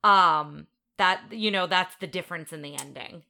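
A woman on a podcast with a slightly low, bright voice. Her tone is smooth and clear as she explains things from her notes. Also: moderate pace. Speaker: podcast co-host. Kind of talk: casual chat.

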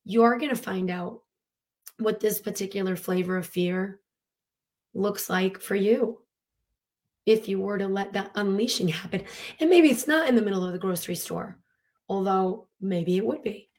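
A woman coaching listeners through emotional release in a loose, spoken teaching style. Her voice sits at an ordinary middle pitch. She talks with animated earnestness, drops in frequent fillers and laughs, and breathes and sighs audibly as she demonstrates. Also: moderate pace.

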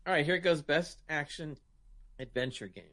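A man's voice: on the high side, normal speed, a bit bright. Southern American male host, laid-back list-reading in a gaming chat. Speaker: host reading award results.

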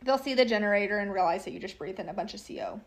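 A woman's voice: mid-range voice, rapid-fire. Woman reading texts matter-of-factly. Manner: plain, matter-of-fact reading, casual asides. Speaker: true crime storyteller. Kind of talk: reading text messages aloud with narration.

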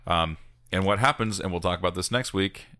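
A man's voice: sits low, a little fast, bright, forceful tone, no room sound, studio quality. A man co-hosting a casual podcast, eagerly explaining story details to his co-host. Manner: enthusiastic, explains plot details. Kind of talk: casual chat.

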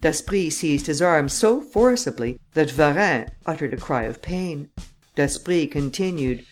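A woman narrating an audiobook in a steady, measured way. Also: low-pitched, soft background music.

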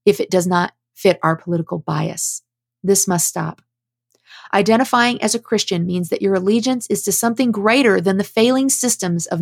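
A woman's voice: mid-range voice, dry recording. Earnest preachy woman, dry close sound. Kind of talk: impassioned spoken commentary, reading prepared statements.

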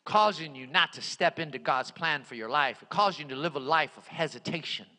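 A man preaching a sermon, repeating his phrases and swinging between loud emphatic lines and hushed ones. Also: on the high side, fairly quick. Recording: long hall reverb.

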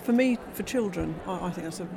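A woman's voice: lowish voice, creaky. A woman co-hosting a casual interview, chatty and a little hesitant, at a trade show. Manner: quick, chatty, hesitant with fillers. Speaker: co-host. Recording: noisy trade show floor.

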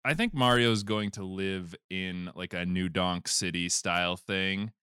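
A man's voice: low-pitched, a little slow, clear, resonant tone, dry recording, studio quality. A man chatting casually on a podcast, swearing and acting out scenes. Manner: animated, swears, jumps into loud impressions. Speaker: podcast host. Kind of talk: casual chat, retelling a movie trailer.

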